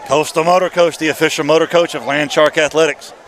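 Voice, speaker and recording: A man doing folksy, lively play-by-play for a high school football game at an outdoor stadium. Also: fast talker, background noise. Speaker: play-by-play announcer. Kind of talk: sports commentary.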